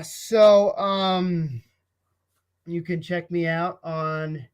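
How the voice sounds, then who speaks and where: A man co-hosting a casual political chat, thoughtful and hesitant, with many fillers. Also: fairly high pitch. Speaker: co-host.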